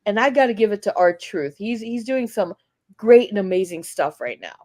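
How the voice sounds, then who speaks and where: A woman's voice: medium pitch, expressive, normal speed, a little mellow. A woman co-hosting a casual wrestling chat podcast, speaking in a gushing, emotional way and swearing often. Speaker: podcast co-host.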